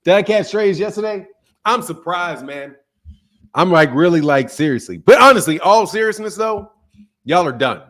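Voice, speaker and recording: A man hosting a live boxing stream, trash-talking brashly, laughing often and swinging from loud outbursts to low mutters, with speech. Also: animated, normal speed. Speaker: boxing channel host. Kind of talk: live stream commentary with viewer chat.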